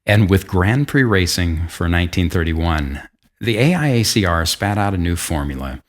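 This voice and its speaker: A man's voice: deep voice, lively intonation, normal speed. A man hosting a podcast, telling a history story in a chatty, self-deprecating way with restarts and asides. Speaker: podcast host. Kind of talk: casual storytelling monologue.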